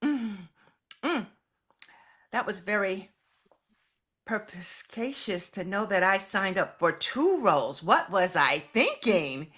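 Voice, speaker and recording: A woman with a bright, clear voice leads part of an online meeting on a video call. She speaks slowly and formally as she calls speakers up. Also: mid-range voice, very animated. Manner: measured, formal introductions. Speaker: meeting facilitator. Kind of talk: hosting a club meeting segment.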